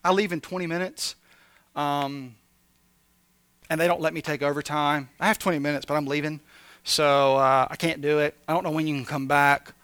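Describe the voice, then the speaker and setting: A dismissive female post office clerk, bored and making excuses, as a preacher quotes her in his own high, bright voice. The sound is dry and close. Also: fairly even intonation, normal speed, clean tone, no echo, close to an everyday voice.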